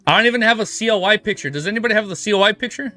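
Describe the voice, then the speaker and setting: A man hosting a casual livestream, chatting in an excitable, rambling way and swearing freely. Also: sits high, rapid-fire. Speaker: livestream host. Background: faint background music.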